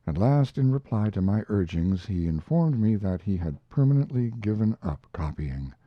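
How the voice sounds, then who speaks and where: A man reading a classic story aloud as audiobook narration, measured and expressive. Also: on the low side, no room sound. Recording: dull lo-fi recording.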